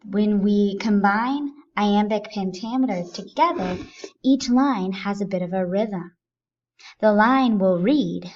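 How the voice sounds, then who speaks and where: A woman's voice: mid-range voice, slow pace, darkish tone, highs cut off. A woman teaching a recorded lesson, explaining things step by step in a patient way.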